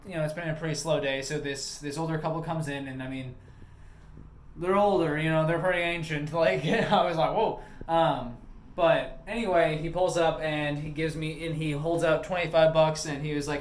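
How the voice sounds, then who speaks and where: A man's voice: on the high side, steady tone, moderate pace, reverberant, slight background noise. A man working as a gas station attendant, talking casually in a vlog, rambling with lots of "like" and swearing freely.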